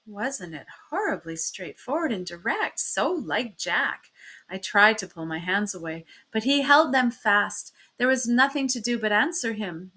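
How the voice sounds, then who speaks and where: A woman reading a classic story aloud in the first person, with expressive shifts in pitch and loudness. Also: measured pace, breathy edge. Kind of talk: storybook read-aloud narration.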